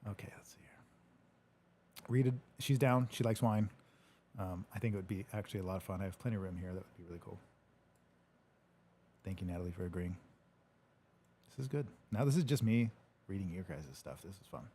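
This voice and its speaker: In his home studio, a podcast host reads live comments in a laid-back, joking style with occasional swearing. His voice sits low, dark and slightly rough, brisk in pace but broken by long pauses.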